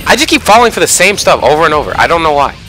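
A young man giving excited, self-mocking commentary over his own online fighting game matches, often yelling at big moments. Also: fairly high pitch, rapid-fire, some chatter behind. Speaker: gaming YouTuber. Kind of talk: live gameplay commentary. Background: background music.

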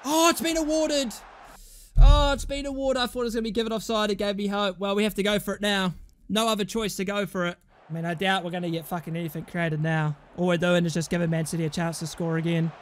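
A young gaming YouTuber with a high-sitting voice reacts to a football manager game, talking fast with little pitch movement. He swears constantly, lurching from panic to screaming joy, over faint background noise.

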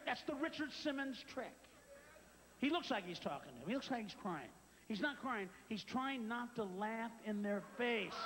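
A man's voice: very high voice, a bit bright, a little hiss or hum. A man doing a live stand-up routine on a large theater stage, ranting profanely with sudden screams into a handheld mic. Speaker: stand-up comedian. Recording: live theater reverb with crowd.

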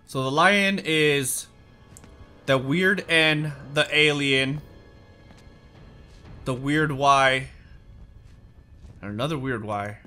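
A man giving casual gameplay commentary, animated and easily grossed out. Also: mid-range voice, drawn-out words, pauses often, soft background music.

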